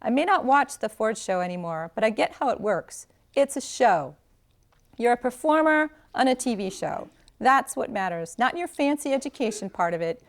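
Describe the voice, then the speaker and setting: A woman's voice: a little high, big pitch swings, moderate pace. A woman reading the lines of a cocky, teasing young male staffer who coaches a student with bossy confidence. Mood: coaxing.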